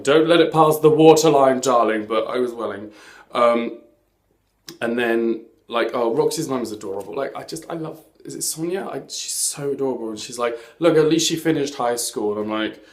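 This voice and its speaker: A man hosting a casual TV recap chat, camp and chatty, full of sassy asides. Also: medium pitch. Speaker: host of a TV recap show. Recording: echoey room.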